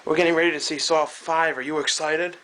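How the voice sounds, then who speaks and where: A young man with a hoarse voice, chatting and joking to camera in a casual vlog, recorded on a camcorder. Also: on the high side, steady tone, brisk, sharp tone, poor audio. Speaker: vlogger. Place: outdoors in woods, then indoors at home. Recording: faint background noise.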